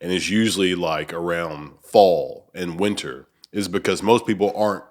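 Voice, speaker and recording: A man's voice: low-pitched, normal speed. A man hosting a podcast in casual conversation, rambling with many fillers in a small room where voices bounce off the walls. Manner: rambling, filler-heavy, searching for words. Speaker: podcast host.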